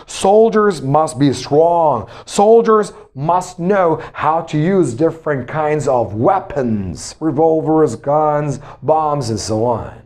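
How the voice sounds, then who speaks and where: Male English teacher, slow and repetitive pronunciation drills. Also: a little high. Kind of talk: pronunciation lesson.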